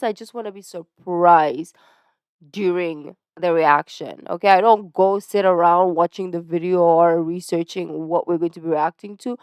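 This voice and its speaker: A woman's voice: fairly low pitch, clean tone, dry recording, studio quality. A woman reacting to a video and chatting casually to her viewers, rambling and stopping to search for words. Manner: chatty and rambling, full of "like" and "right?"; lively, searches for words mid-sentence.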